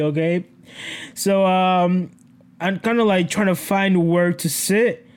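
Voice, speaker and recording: A man's voice: sits high, steady tone, a little slow, clean tone. A young man vlogging casually to his camera, telling a story in a rambling, self-correcting way, swearing freely and laughing often.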